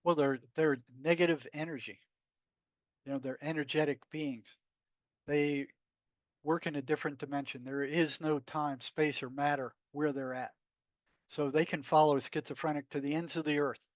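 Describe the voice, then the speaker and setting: A man's voice: fairly high pitch, fairly even intonation, normal speed, dry recording, muffled recording. A man, a psychotherapist guest, telling stories in a blunt, emphatic way. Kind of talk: conversational storytelling.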